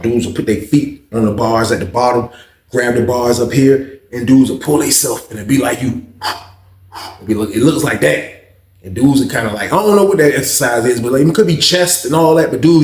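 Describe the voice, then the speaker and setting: A young man casually telling a story in an animated, profane, conversational way. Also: medium pitch, vocal fry. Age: young adult. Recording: roomy echo.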